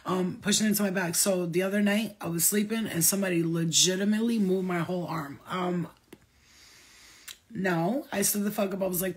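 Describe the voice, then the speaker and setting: Husky, rambling, foul-mouthed woman medium. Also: medium pitch, moderate pace. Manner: rambling, profane, excitable. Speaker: spiritual medium. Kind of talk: casual spiritual vlog.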